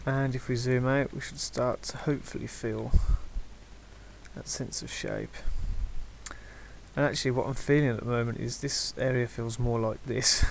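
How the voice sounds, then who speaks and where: A man's voice: mid-range voice, animated, normal speed, gravelly, slight background noise. A man teaching digital painting step by step, hesitant and reassuring, with many ums. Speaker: art tutor.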